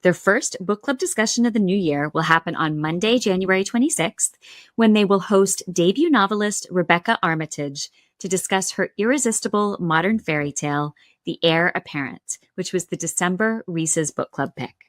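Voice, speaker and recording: A woman's voice: fairly low pitch, moderate pace, no echo. A woman co-hosting a book podcast, reading out the show's announcements and reacting to a guest. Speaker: podcast co-host.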